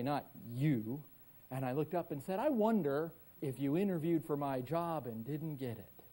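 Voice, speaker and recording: Lively storytelling male keynote speaker. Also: a little high. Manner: lively storyteller who leads the audience in call-and-response. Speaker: psychologist and motivational speaker. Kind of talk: live keynote talk to an audience. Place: conference stage before a live audience.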